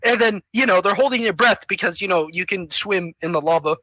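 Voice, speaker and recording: Man, very high bright voice, rambling comedic movie recap, animated, dry close sound. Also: a little fast, no room sound, dull audio. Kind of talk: casual comedic movie retelling.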